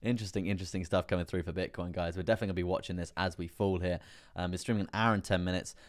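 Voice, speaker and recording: A man hosting a live trading stream, chatty and rambling with many fillers, laughing often and getting excitable as prices move. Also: low-pitched, very fast. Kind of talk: live stream market commentary.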